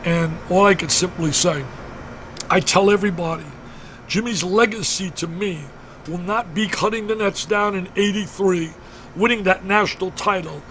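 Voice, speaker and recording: A man's voice: high-pitched, fairly even intonation, normal speed, noisy background. An older man, a broadcaster being interviewed, telling a story emphatically and fervently, repeating words for force. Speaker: interview guest, basketball broadcaster. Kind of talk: emotional storytelling in a radio interview.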